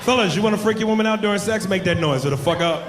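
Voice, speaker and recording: A man performing a live stand-up comedy routine, loud and animated, shouting his punchlines and slipping into silly voices. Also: high voice, racing. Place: comedy club stage. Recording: roomy live venue with audience noise. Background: audience laughter.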